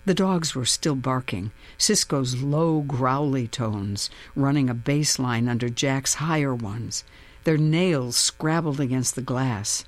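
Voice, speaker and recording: A woman reading a first-person story aloud as an audiobook, expressive and tense in the suspenseful parts. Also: very deep voice, slow. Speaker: audiobook narrator.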